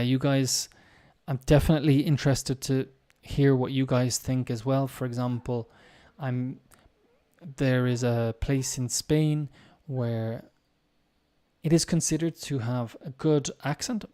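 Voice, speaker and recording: Relaxed, mellow man chatting to viewers. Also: mid-range voice, unhurried, smooth. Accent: Irish. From Ireland. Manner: musing, talks directly to viewers. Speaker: English teacher. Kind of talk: live-stream chat.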